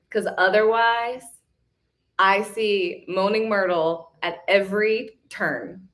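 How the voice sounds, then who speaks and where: A woman's voice: medium pitch, takes it slowly, a bit bright. A woman hosting a live self-love retreat, giving an emphatic, casual motivational talk. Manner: emphatic, repetitive coaching; casual, chatty.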